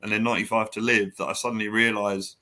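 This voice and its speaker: Bright-voiced chatty man. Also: lowish voice, little pitch movement, fast. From Australia. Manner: rambling, laughs often. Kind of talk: casual chat.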